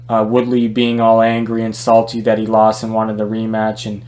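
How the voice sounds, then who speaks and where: A man's voice: fairly low pitch, completely flat delivery, normal speed, a little mellow. A man giving his opinions in a casual boxing commentary vlog, talking loosely with fillers and restarts.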